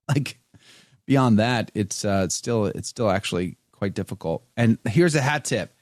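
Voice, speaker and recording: A man hosting a live talk show, chatting casually and reading viewer comments, animated when telling stories. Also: on the low side, a little slow, dry recording, studio quality. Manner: animated, mimics others in storytelling. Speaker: host.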